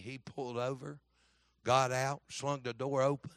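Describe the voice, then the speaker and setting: A man's voice: mid-range voice, fairly even intonation, moderate pace, fairly bright tone, no echo. A man pastor preaching a sermon, telling a story and acting out the voices, with frequent "amen?" asks to the congregation. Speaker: Baptist pastor.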